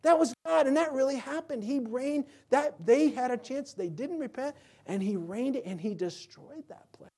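A man pastor preaching a sermon emphatically, asking rhetorical questions and swinging between loud and quiet delivery. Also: very high voice, moderate pace, husky.

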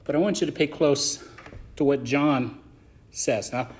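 A man preaching as pastor of a church, swinging between loud emphasis and soft asides as he reads and explains scripture. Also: medium pitch, measured pace. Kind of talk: sermon.

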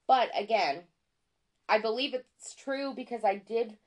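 A woman co-hosting a podcast in casual chat, excitable and self-deprecating, stumbling over words when she gets worked up. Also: fairly high pitch, unhurried. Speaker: podcast co-host.

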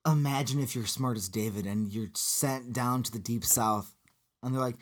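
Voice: mid-range voice, normal speed. A podcast co-host talking casually about a movie, profane and joking. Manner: animated, profane, jokey asides.

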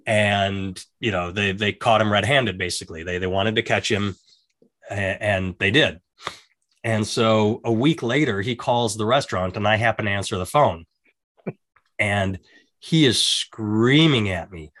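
A middle-aged man chatting casually, with a voice of ordinary pitch. He rambles through stories, restarts his sentences and jumps into the voices of the people he is quoting. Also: animated, moderate pace, fairly bright tone, dry recording. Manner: rambling, self-interrupting, acts out quoted voices. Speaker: podcast co-host. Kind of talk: casual chat, storytelling.

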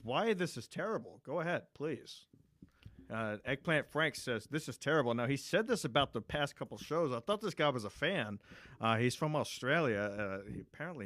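A man's voice: on the high side, a bit bright, no room sound, clean studio sound. A man hosting a podcast, teasing his guest in casual, profane banter over a video call. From Texas. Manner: teasing, swearing, laughs often. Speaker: podcast host.

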